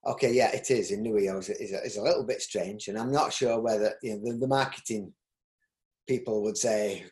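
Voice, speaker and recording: Middle-aged Yorkshire man, interview guest, lowish voice, restarts a lot, roomy echo. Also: brisk, darkish tone. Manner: rambling, with frequent restarts and ums. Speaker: interview guest, business owner. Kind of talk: casual interview.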